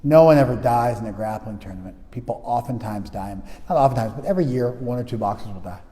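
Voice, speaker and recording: A spiritual teacher giving an informal talk to a group, conversational and full of restarts, often checking that listeners follow. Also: male voice, mid-range voice, lively intonation, fast talker, warm tone, big-room sound.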